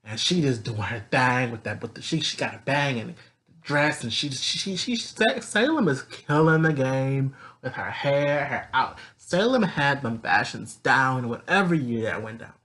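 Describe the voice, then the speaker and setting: A man's voice: mid-range voice, animated, a little slow, fairly bright tone. A man casually recapping a story episode in a sassy, profane, rambling way. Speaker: recap vlogger.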